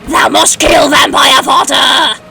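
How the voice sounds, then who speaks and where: A woman voicing a cruel male dark wizard villain from a fan story, giving stilted archaic commands. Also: high-pitched, fairly even intonation, slow, creaky, pitched above the performer's own voice, heavily acted. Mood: commanding. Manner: stilted archaic speech, read aloud. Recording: distant mic, music behind.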